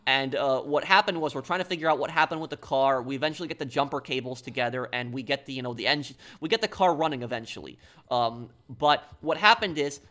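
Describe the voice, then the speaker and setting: A man's voice: mid-range voice, quick pace, sharp tone. A man from New York telling a long story on a stream, rambling and restarting his sentences. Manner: rambling, repeats himself, restarts often.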